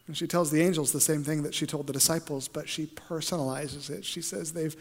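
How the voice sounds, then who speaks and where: A man preaching a sermon, moving between hushed storytelling and loud, fervent passages. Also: on the high side, steady tone, a little fast, few pauses. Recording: long hall reverb.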